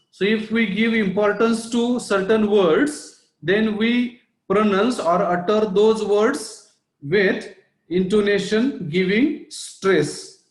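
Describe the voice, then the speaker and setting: Teaching public speaking online, this man has a high voice that echoes around the room. He walks through his points, goes over them again, and keeps tossing in a rhetorical "right?" in what sounds like online class audio.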